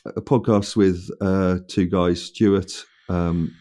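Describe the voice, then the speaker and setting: A man's voice: sits low, steady tone, slow pace, dark tone. A man guesting on a podcast, telling self-deprecating stories in a casual chat and laughing often.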